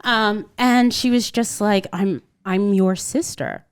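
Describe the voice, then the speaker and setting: Animated woman acting out her story. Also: mid-range voice, measured pace, hardly any pauses, clean tone. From Connecticut, USA. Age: 30s. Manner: animated, acts out the voices of people in her story. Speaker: podcast guest. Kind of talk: casual storytelling conversation.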